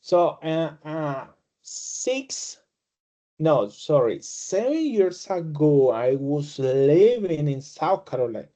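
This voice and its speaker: A man teaching English as a second language, a Spanish native speaker who explains with halting restarts and fillers, and laughs when he acts out greetings. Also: fairly high pitch, very animated, mellow. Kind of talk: casual online class explanation.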